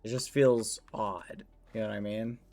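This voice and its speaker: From his room at home, a man streams a game and chats casually with viewers, rambling through a filler-heavy story. His fairly low voice is level and darkish, at a moderate pace, with soft music playing underneath.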